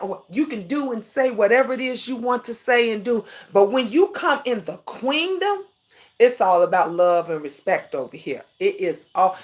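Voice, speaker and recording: Sassy woman hosting a livestream chat. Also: fairly high pitch. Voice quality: lively, sing-song greetings. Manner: sassy, preachy, calls viewers honey and boo. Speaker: livestream talk show host.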